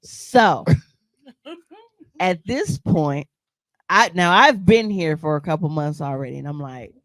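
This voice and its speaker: A woman's voice: sits low, animated, takes it slowly, no echo. A woman co-hosting a podcast, telling a story in casual chat, blunt and profane, with frequent laughs. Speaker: podcast co-host.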